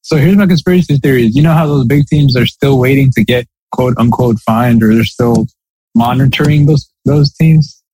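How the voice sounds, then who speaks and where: A man's voice: medium pitch, moderate pace, dark tone, slightly rough, poor audio. A man co-hosting a podcast in casual chat, rambling with lots of fillers and restarts. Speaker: podcast co-host.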